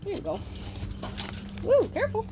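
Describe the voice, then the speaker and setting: High sing-song woman cooing at puppies. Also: huge pitch swings, moderate pace. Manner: sing-song baby talk with squeaky high swoops. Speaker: dog breeder. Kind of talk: casual vlog talk to puppies. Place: backyard outdoors. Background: faint outdoor noise with distant fireworks.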